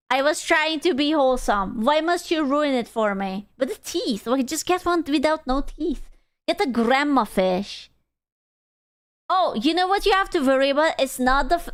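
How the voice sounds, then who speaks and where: Giggly high-voiced woman streamer. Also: a bit bright, smooth, no room sound, clean studio sound. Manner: playful, giggly, loose and crude. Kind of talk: casual stream chat reading chat.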